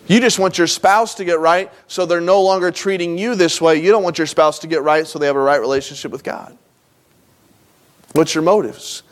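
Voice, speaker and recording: A man preaching a sermon in a folksy, conversational way, moving between loud emphatic lines and soft low asides. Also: fairly even intonation, brisk. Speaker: pastor.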